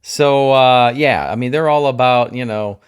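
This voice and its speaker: Medium in pitch and clean in tone, this TV reviewer takes his time as he casually spoils an episode. He keeps thinking out loud and questioning himself, adds playful asides, and openly gushes about the scenes that delight him.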